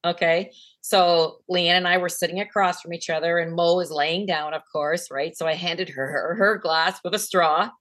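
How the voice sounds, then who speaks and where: A podcast host with a lowish, slightly bright voice speaks at a moderate pace with fairly even intonation. She's interviewing someone in a casual way, leaning on "like" and "you know," and she gets emotional while telling a memory.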